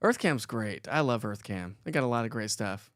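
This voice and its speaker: A man's voice: on the low side, lively intonation, normal speed, a bit bright, no room sound, clean studio sound. A man from Colorado hosting a morning weather livestream, chatting casually and greeting viewers by name in an upbeat, joking way. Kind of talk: casual live-stream chat reading viewer comments.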